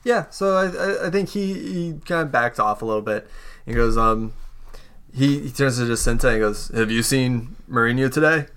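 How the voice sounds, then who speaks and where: A man's voice: medium pitch, normal speed, a bit bright, clean tone. A man narrating a tabletop game as game master, in a casual, hesitant way.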